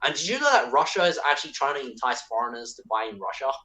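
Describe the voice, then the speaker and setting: Male caller from China, bright tone, filler-heavy rapid chatter. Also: mid-range voice, sing-song. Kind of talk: casual chat.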